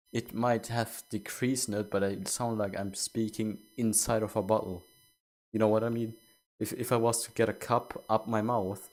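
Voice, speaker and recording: A man's voice: mid-range voice, a little mellow. A man streaming a game, chatting casually with viewers, stumbling over and repeating his words while asking them questions. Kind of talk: casual live-stream chat.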